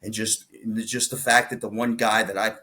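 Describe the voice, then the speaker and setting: A man's voice: fairly low pitch, fairly quick. Man animatedly retelling a story. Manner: animated retelling, acts out quoted dialogue, frequent restarts. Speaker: podcast guest. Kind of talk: storytelling in casual conversation.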